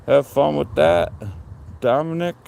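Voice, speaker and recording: Guy, middle-aged, gravelly voice, slow easy talk, phone stream outside w/ faint noise. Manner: relaxed and chatty, jumps to a high sing-song voice when talking to his dog. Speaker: livestream host. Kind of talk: casual live-stream chat while walking. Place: outdoors at his home and backyard.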